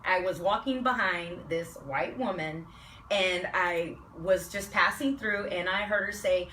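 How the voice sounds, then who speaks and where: A woman's voice: on the low side, measured pace, pushed and bright. A woman co-hosting a talk radio discussion, chatty and telling stories as she joins in. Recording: roomy studio, mic at a distance, faint noise.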